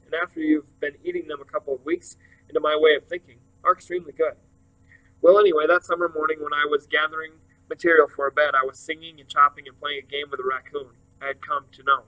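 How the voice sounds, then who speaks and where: A man reading a novel aloud in steady, first-person storytelling narration. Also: on the high side, poor audio. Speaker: reader.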